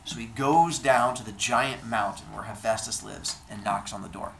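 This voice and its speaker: A man telling a comic myth in an animated, playful way, hosting his show. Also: on the low side, moderate pace, vocal fry, heavy background noise. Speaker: storyteller host. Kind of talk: comic storytelling. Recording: roomy echo.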